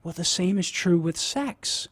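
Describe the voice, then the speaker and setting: A man's voice: sits high, lively intonation, unhurried, fairly bright tone, slightly rough, no echo. Cajun man explaining in a dry studio. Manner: teaching, sprinkles "right?" to check in. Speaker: guest apologist. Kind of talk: radio talk explanation.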